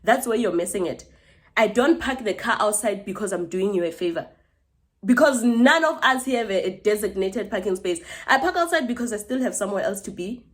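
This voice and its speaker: A woman's voice: medium pitch, expressive, brisk. A young woman telling an indignant storytime vlog. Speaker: vlogger.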